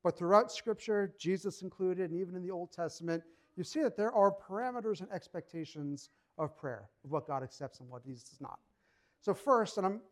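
A man preaching a sermon in a conversational, emphatic way, acting out short quotes as he goes. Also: on the high side. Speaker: pastor.

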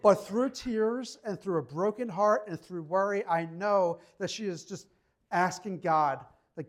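High-voiced male pastor preaching. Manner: conversational preaching, slows to read scripture aloud. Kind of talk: sermon.

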